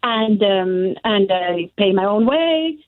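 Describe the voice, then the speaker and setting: A woman's voice: mid-range voice, animated, slow pace, no room sound. Earnest woman caller on a tinny phone line. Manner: earnest, heartfelt storytelling. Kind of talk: phone-in call.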